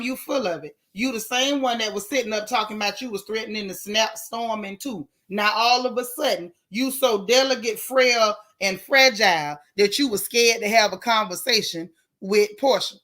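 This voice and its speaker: Woman ranting casually to her live chat, bright sharp voice, blunt and animated. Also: on the high side. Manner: outspoken, animated, colloquial, talks back to the chat. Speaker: live-stream host reading viewer comments. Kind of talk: casual live-stream commentary.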